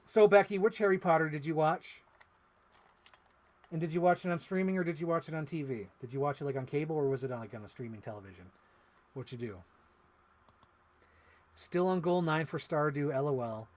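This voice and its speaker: A man chatting casually on a live stream while unboxing toys, rambling and excitable with lots of "like.". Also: a little high, a little fast, pauses often, slight background noise. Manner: rambling, excitable, heavy use of "like". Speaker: toy collector streamer.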